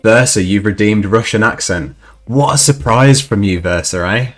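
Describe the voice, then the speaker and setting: A man's voice: fairly low pitch, normal speed. A man hosting a live stream, chatting with viewers and reading news while putting on an exaggerated mock Russian accent. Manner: chatty, talks to viewers in chat. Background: faint background music.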